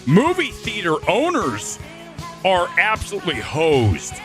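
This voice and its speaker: A man's voice: high-pitched, wildly swooping pitch, unhurried, music in the background. A man hosting a live movie review stream, ranting furiously and swearing about a film. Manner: furious, swearing, exaggerated outbursts.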